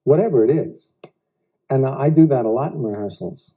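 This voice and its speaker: A man's voice: mid-range voice, animated, husky. Man musing in a dull, lo-fi recording. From United States. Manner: reflective, halting phrasing with odd pauses. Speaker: actor being interviewed. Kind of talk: casual interview talk. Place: living room of a private house. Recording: dull lo-fi 1990s home video.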